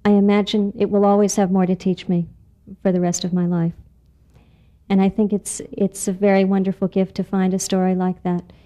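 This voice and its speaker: A woman storyteller telling a tale to a live audience. Her voice is mellow and warm, gentle and often hushed to a near-whisper for suspense. It is recorded in a barn performance space. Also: mid-range voice.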